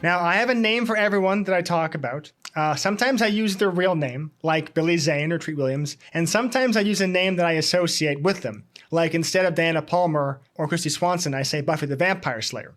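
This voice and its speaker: A man's voice: fairly high pitch, brisk, hardly any pauses, a bit bright, faint music behind. A man hosting a comedy podcast, recapping a movie plot and chuckling often. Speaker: podcast host.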